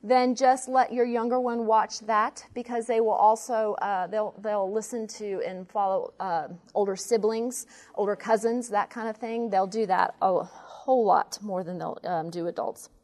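A woman's voice: medium pitch, normal speed. Woman teaching a parenting class. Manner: explanatory, steady, with frequent um and uh.

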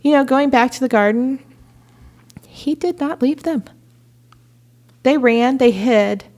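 Animated woman talking faith and life. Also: high-pitched, takes it slowly. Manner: animated storytelling with laughs. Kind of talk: faith-based conversation.

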